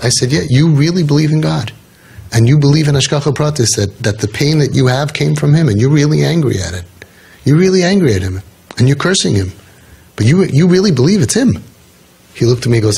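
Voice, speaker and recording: A man's voice: on the high side, lively intonation, quick pace, creaky, husky. A man speaking earnestly to parents in a heartfelt talk, telling stories and swinging his voice up for emphasis.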